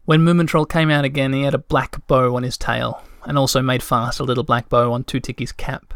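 A man narrating a storybook in a calm, measured way. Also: medium pitch, vocal fry, clear, resonant tone, no echo, studio quality. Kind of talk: audiobook narration.

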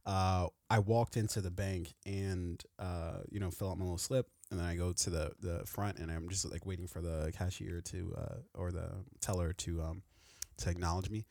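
Male podcast co-host, lowish voice, loose rambling delivery, dry close sound. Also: fairly even intonation, moderate pace, darkish tone, no echo. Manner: rambling, laughs often, many fillers. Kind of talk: casual chat.

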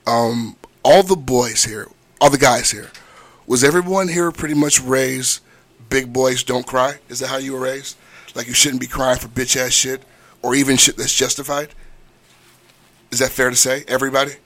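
A man's voice: medium pitch, fairly even intonation, moderate pace, fairly bright tone, dry recording. A man hosting a casual podcast chat, teasing his guests, laughing often and swearing freely. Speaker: podcast host.

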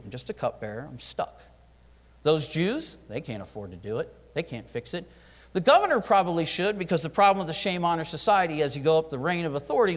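A man delivers a sermon in a church hall, his fairly high voice swinging widely in pitch. He slips in and out of acted prayers and dialogue with real animation. A long hall reverb trails every phrase. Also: fairly bright tone. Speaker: preacher.

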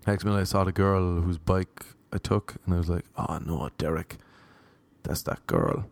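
A man's voice: low voice, fairly even intonation, normal speed, a little mellow, no room sound. A young Irish man telling a rambling, self-mocking anecdote in casual chat, slipping into voices for the people he quotes. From Ireland. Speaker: storyteller.

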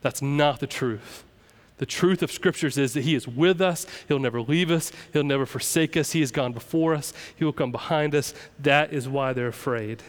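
Young guy preaching, clear smooth voice, fired up. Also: medium pitch, moderate pace. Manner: emphatic, preaching with rising intensity. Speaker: pastor. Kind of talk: sermon.

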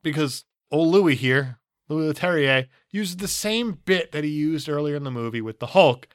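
A man co-hosting a podcast, recapping a movie in sarcastic, animated casual chat with frequent laughter. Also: on the high side, moderate pace, dry recording, clean studio sound. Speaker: podcast co-host.

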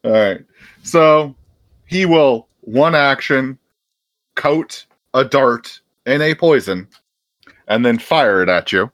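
Man, game master, tabletop game, laid-back, chuckling, lively pitch, dry sound. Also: slow pace, dry recording.

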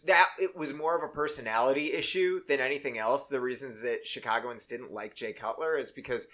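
A man chatting on a podcast, taking his time and circling back on himself as he goes. His voice is bright and a little tense, and he cracks jokes along the way. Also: fairly high pitch. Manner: rambling, joking, self-interrupting. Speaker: podcast co-host. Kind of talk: casual chat.

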